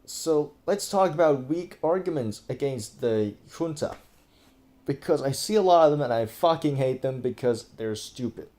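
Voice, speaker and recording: A man's voice: medium pitch, expressive, moderate pace, dark tone. Profane, exasperated young-sounding man ranting. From Thailand. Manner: profane, exasperated, frequent fillers. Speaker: political commentator. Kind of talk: casual ranting commentary. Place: indoors over screen recording.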